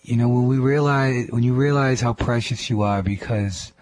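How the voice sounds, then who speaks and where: A man's voice: medium pitch, normal speed, a little mellow, low-quality recording. A man hosting a radio program, earnestly reflecting on the sermon he just played and thinking aloud with some restarts. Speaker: radio host.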